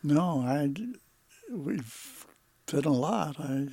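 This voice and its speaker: A man in his eighties, a podcast guest in casual conversation, talking slowly with halting, trailing sentences and sounding tired. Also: a little high, expressive, creaky, a little mellow, breathy edge, dry recording. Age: 80s.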